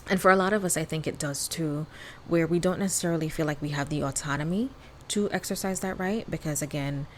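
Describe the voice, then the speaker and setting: A woman's voice: low-pitched, fast, a little hiss or hum, rough recording. A woman hosting a podcast alone, talking candidly and casually, often acting out bits of dialogue. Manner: candid, chatty, acts out quoted dialogue. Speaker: podcast host. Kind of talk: casual solo podcast monologue.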